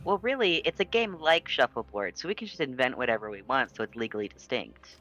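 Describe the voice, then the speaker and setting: A man's voice: medium pitch, animated, fairly quick, bright, forceful tone, muffled recording, faint music behind. A man playing a tabletop game, joking and laid-back. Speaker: player.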